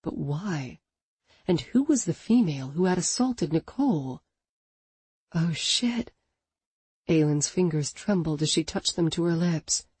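Husky woman narrating an audiobook. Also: sits low, a little slow, long pauses, no echo. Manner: expressive, dramatic reading. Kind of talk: scripted narration.

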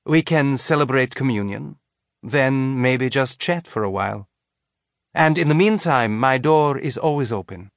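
A man voicing a calm, gentle female chaplain in an audiobook, patient and teacherly. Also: medium pitch, a little slow, no echo, studio quality, voice pushed up.

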